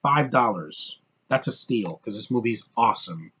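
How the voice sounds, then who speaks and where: A man's voice: fairly low pitch, lively intonation, normal speed, bright, forceful tone, husky. A young man vlogging casually from home, rambling and opinionated about movies, with lots of fillers and restarts. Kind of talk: casual DVD haul vlog.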